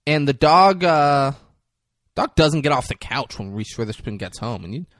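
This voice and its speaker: A man's voice: mid-range voice, lively intonation, moderate pace, fairly bright tone, no echo, clean studio sound. A man co-hosting a podcast in casual chat, rambling and swearing as he recaps a film scene by scene. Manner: rambling, profane, retells scenes with quoted lines. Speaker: podcast co-host.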